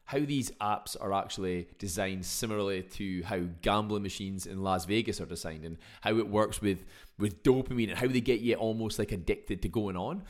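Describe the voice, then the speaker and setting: A man's voice: on the low side, normal speed. A young man hosting a casual solo podcast, chatty and exclamatory with mild swearing. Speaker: podcast host.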